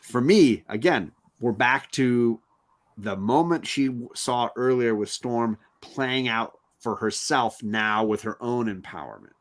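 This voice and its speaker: A man's voice: medium pitch, a little slow. A man with a mid-range voice hosts a live stream about comic books. He is casual and enthusiastic, often checking in with his co-host by tagging "right?" onto his points. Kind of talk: casual comic book discussion.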